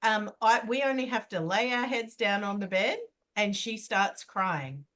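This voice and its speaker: Casting: older woman host, mid-range voice, lively and chatty. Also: medium pitch, a little slow. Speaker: podcast host and coach. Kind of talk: podcast conversation.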